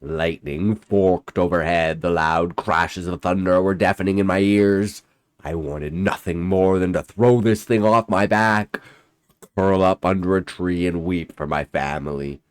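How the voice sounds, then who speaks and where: A man's voice: sits low, fairly even intonation, unhurried, clear, resonant tone, no room sound. A man giving scripted first-person horror narration with a dramatic, intense delivery. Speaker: storyteller.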